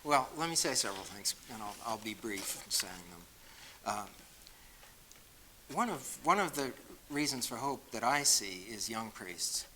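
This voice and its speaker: A man's voice: mid-range voice, animated, unhurried, pushed and bright, a little hiss or hum, low-quality recording. A man with a Boston accent answering questions at a talk, speaking conversationally and with self-deprecating humor.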